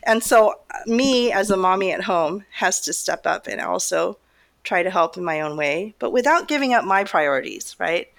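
A woman's voice: medium pitch, animated, moderate pace, creaky. A middle-aged woman talking casually as a guest, laughing often and rambling with many fillers. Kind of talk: casual conversation.

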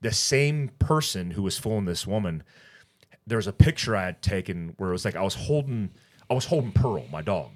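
A man's voice: lowish voice, moderate pace. A middle-aged man co-hosting a podcast, telling a story casually and acting out the other people's lines. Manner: rambling, animated retelling with quoted dialogue. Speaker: podcast co-host.

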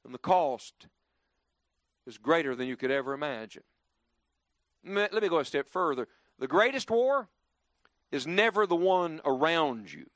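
Preacher, man, lively swooping delivery, slightly high voice, dry close sound. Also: moderate pace, pauses often, no room sound. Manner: lively, rising and dropping emphatically, leading the congregation in call-and-response. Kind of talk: sermon. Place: church before a congregation.

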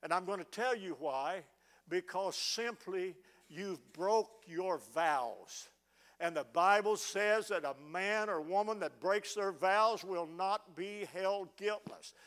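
A man's voice: high-pitched, unhurried, few pauses, a bit bright, clear, resonant tone. A middle-aged man preaching a fervent sermon, often stammering as he restarts words. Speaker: pastor. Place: church sanctuary.

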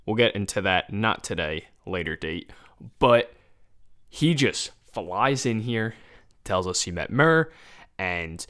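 A man's voice: lowish voice, expressive, slow pace, fairly bright tone. A man co-hosting a casual comedy podcast, telling a story about a friend with mock exasperation. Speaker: podcast co-host.

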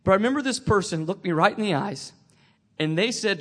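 A man sharing a personal faith testimony, emotional and tearful, halting with many restarts. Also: sits high, animated, a bit bright.

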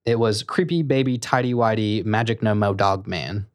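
A man's voice: lowish voice, moderate pace, dry recording, studio quality. A man hosting a casual podcast, joking and playful as he talks. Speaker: podcast host. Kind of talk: casual chat.

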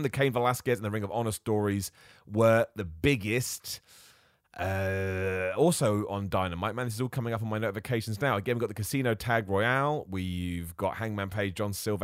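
A man hosting a solo wrestling podcast, talking in an excitable, self-mocking way and jumping between ideas. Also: lowish voice, dry recording, studio quality. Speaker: podcast host.

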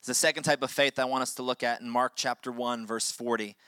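A man's voice: medium pitch, steady tone, fairly quick, pushed and bright, smooth, no echo, clean studio sound. A man preaching a sermon as pastor, with impassioned delivery that swells and drops for emphasis.

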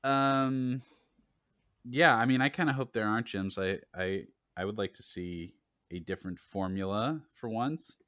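A man hosting a casual gaming podcast, relaxed and joking, with lots of fillers. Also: fairly low pitch, unhurried, dry recording, studio quality. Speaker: podcast host.

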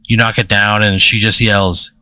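Bright-voiced man spinning a comic story. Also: on the low side, moderate pace, no room sound. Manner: second-person narration, deadpan escalation.

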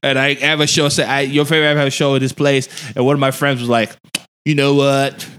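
A man, a stand-up comedian, chatting casually on a podcast and telling animated, profane stories. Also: mid-range voice, fast talker, clean tone.

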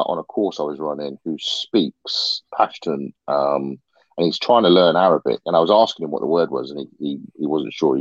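A man's voice: very deep voice, a little mellow, dry recording, dull audio. A man telling a military story in casual chat, swearing a lot as he talks. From Britain. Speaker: podcast host, ex-soldier event organiser.

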